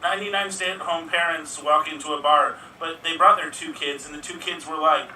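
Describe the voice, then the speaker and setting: A man's voice: a little high, steady tone, moderate pace, few pauses, pushed and bright, recorded from a distance, a little hiss or hum. A man telling improvised jokes in a rambling, playful way, recorded in an echoey room away from the mic. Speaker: improv player.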